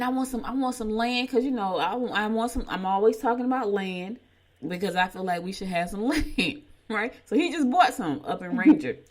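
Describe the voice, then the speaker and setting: Host, woman, middle-aged, lowish voice, casual storytelling that laughs at itself. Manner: chatty storyteller, laughs at herself, folksy. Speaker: morning show host. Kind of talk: casual chat and horoscope reading.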